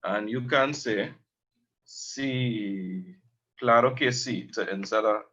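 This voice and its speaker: A man teaching a language lesson, slowly explaining words and repeating them. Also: lowish voice, bright, forceful tone, muffled recording.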